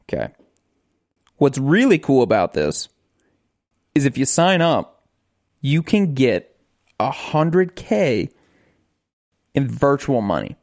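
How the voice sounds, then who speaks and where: A man's voice: mid-range voice, big pitch swings, unhurried, long pauses, darkish tone. A man co-hosting a casual podcast, talking animatedly, repeating words and talking over his partner, also reading the ad. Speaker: podcast co-host. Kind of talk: casual podcast chat and host-read ad.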